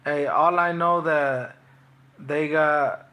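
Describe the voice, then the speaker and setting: A man's voice: a little high, fairly even intonation, slow pace, bright, forceful tone. A young man, a boxer, taunting his livestream chat in slangy, repetitive trash talk.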